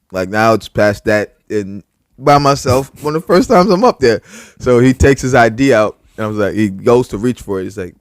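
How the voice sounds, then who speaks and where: A young man, co-hosting a podcast and telling stories in a casual, animated way, swearing and getting loud. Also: on the low side, brisk, no echo, studio quality. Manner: animated, swearing, loud when reliving anger. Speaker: podcast co-host. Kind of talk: casual storytelling chat.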